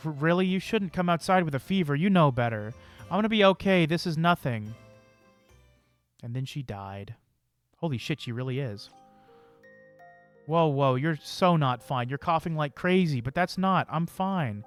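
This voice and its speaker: A young man streaming a game playthrough, reading the characters' dialogue aloud and breaking off now and then with crude, excited outbursts. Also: on the high side, normal speed, clear, resonant tone, soft background music. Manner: reads the lines of several characters aloud, with sudden swearing outbursts.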